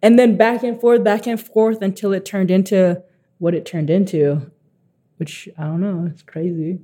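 18 yr old guy chatting, mellow warm voice, laughs a lot, acts out quotes. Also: sits high, steady tone, moderate pace. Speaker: guest artist. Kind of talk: casual storytelling.

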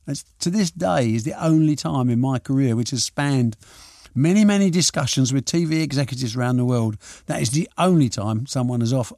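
An older man, a promoter, telling anecdotes in an interview, lively and full of restarts as he acts out what people said. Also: mid-range voice, fairly quick, few pauses, no echo, clean studio sound. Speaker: boxing and snooker promoter. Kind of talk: reminiscing interview answers.

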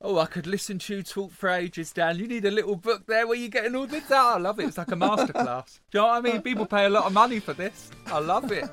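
A man's voice: high-pitched, fast talker, hardly any pauses, sharp tone. A man hosting a casual chat in a camp, playful, effusive manner. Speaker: podcast host.

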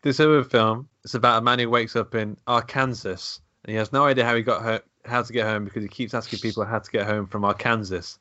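A man hosting a podcast in casual chat, deadpan and playful as he pitches silly plots. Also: quick pace, hardly any pauses, no echo. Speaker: podcast host. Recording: dull, dry lo-fi podcast recording.

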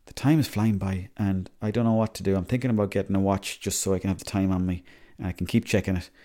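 A man's voice: low voice, steady tone, fast talker, warm tone. Irish man rambling on a podcast. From Ireland. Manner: rambling, chatty, swears freely. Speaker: podcast host. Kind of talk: casual solo podcast monologue.

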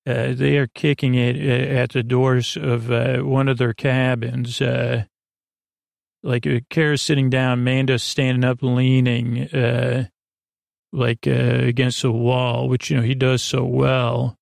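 A man casually recapping a TV episode as a podcast host, rambling and halting with many restarts. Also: mid-range voice, little pitch movement, gravelly, darkish tone, no echo, clean studio sound.

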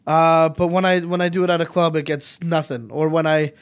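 A comedian from Montreal chatting as a podcast guest, telling animated, rambling stories with lots of restarts. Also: male voice, fairly high pitch, fairly quick, smooth. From Montreal, Canada. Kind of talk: casual podcast chat.

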